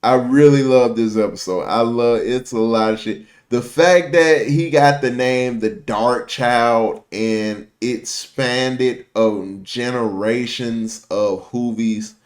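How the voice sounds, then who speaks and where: A man's voice: medium pitch, slow, hardly any pauses. A man hosting a reaction video, recapping an episode in casual, profane slang and acting out the characters' lines.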